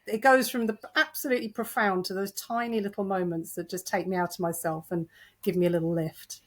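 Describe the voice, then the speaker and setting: A middle-aged woman with a British accent talks as a guest in an interview. She is lively and self-deprecating and laughs often as she tells stories. Her voice sits at an ordinary mid pitch. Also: fairly quick. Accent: British English. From United Kingdom. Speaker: novelist guest. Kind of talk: conversational interview.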